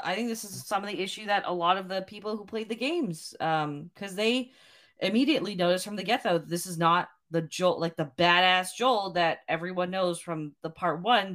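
Podcast co-host, female, lowish voice, relaxed and chatty. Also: normal speed. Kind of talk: casual chat.

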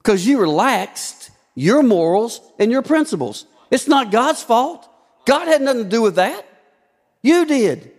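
A man's voice: very high voice, very animated, a little slow. A man preaching a sermon as pastor, asking rhetorical questions and shifting his emphasis often. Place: church sanctuary. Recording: long hall reverb.

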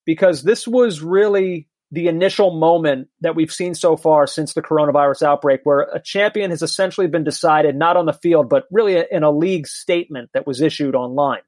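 Male podcast co-host, high voice, teasing and animated, dry close mic. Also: dry recording. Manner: teasing, animated, halting restarts. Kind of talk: casual podcast chat.

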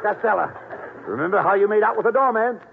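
A man playing a brisk, bossy straight man in 1940s radio comedy. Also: high voice, lively intonation, creaky. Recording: tinny old radio broadcast with loud hiss.

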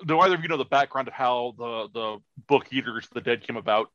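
Halting, profane man on a podcast. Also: mid-range voice, fairly bright tone, no echo, dull audio. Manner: enthusiastic, profane, halting with fillers. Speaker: podcast co-host. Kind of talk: casual chat.

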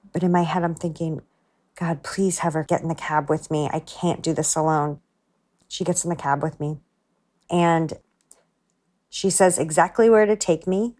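A woman earnestly retelling a personal story, dropping to a hush for her inner thoughts. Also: on the low side. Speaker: story contributor.

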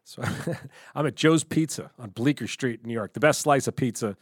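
A middle-aged man co-hosting a podcast, telling animated stories with free swearing and acting out his own lines. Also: medium pitch, moderate pace, no room sound, studio quality. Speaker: podcast co-host. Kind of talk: casual storytelling chat.

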